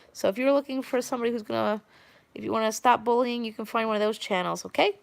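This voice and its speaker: A woman with a New York accent from Long Island chats rambling and friendly on a live stream, greeting viewers by name. Her voice sits a little high with a gravelly fry running through it. The sound is dry, with no room echo. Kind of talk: casual live-stream chat.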